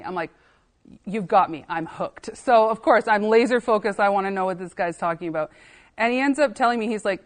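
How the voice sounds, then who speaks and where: A woman archivist tells anecdotes in a relaxed podcast chat. She animatedly acts out the callers and visitors she is quoting and slips in an occasional laugh. Her tone stays casual and conversational throughout. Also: mid-range voice, brisk. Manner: animated anecdotes, acting out quoted dialogue, laughing. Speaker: assistant archivist, podcast guest. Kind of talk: casual storytelling interview.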